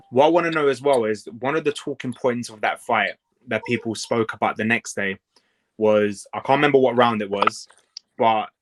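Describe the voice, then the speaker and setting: A man's voice: mid-range voice, a little hiss or hum. A man hosting a boxing podcast, asking casual questions and agreeing eagerly with his guest. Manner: affirming, keeps saying hundred percent. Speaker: podcast host.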